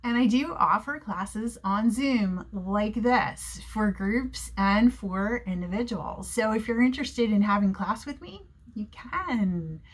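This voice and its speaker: An American woman teaching English slang in an online class. She speaks clearly and asks the viewer questions. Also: medium pitch, animated, slow pace, few pauses.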